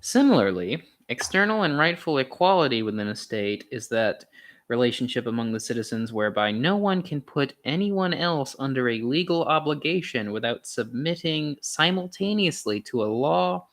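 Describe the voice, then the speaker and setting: A young man reading a philosophy text aloud in a casual way, pausing often with ums and restarts and adding wry, sarcastic asides. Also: mid-range voice, animated, fairly bright tone. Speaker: channel host reading aloud.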